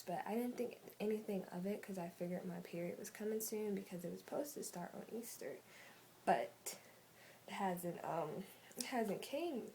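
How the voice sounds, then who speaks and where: A teenage girl chatting straight into her phone camera in a loose storytime vlog, full of "like" and "um" fillers. Her voice is mellow and sits at an ordinary pitch for a young woman. Faint noise hums under the recording. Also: rough recording. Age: teens. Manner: rambling, many "like" and "um" fillers. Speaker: vlogger.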